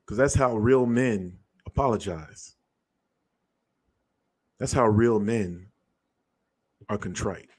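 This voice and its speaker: A man's voice: fairly low pitch, takes it slowly, pauses often, a little mellow, breathy edge. A man hosting a show, delivering a blunt, profane commentary monologue. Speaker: show host.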